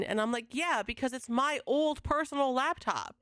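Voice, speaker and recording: A young woman livestreaming from home, venting to her chat in a casual, exasperated rant with swearing and quick retellings of conversations. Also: high voice, a bit bright, clean tone, no room sound, studio quality. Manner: exasperated, swearing, quoting others in fast retelling. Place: home streaming setup.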